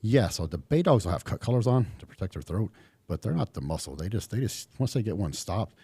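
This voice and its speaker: A man's voice: fairly low pitch, very animated, a little fast, dark tone, breathy edge, dry recording, studio quality. A middle-aged man from Texas, a podcast guest talking casually with a laid-back drawl and lots of fillers. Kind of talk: casual interview chat.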